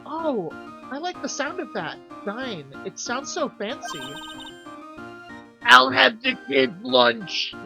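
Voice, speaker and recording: A streamer voicing a bubbly, hungry young girl sidekick in a shrill, childish voice, reading game dialogue aloud. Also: big pitch swings, takes it slowly, creaky, over music, exaggerated voice. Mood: giddy. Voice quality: shrill and throat-straining. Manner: giddy and childish.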